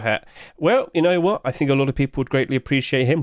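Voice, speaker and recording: A man's voice: medium pitch, normal speed, clean tone, no room sound, studio quality. A young man giving casual commentary on video game skins, chatty and often asking his viewers questions. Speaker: video game skin reviewer.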